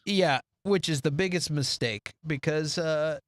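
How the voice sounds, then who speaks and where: A man's voice: a little high, a little slow, no echo. A man co-hosting a casual podcast, recapping a movie and acting out the characters' lines. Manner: animated, acts out the characters' lines in different voices. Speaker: podcast co-host.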